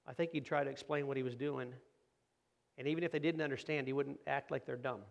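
A man's voice: mid-range voice, steady tone, quick pace, vocal fry, lo-fi sound. A middle-aged man preaching a conversational sermon, asking rhetorical questions and acting out quoted voices. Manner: acts out quoted voices of kids and parents. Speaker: pastor.

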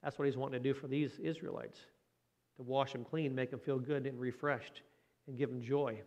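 A man's voice: mid-range voice, steady tone, moderate pace, darkish tone. A man preaching a conversational sermon as a pastor. He talks in a folksy way, asks the listeners questions and adds light joking asides.

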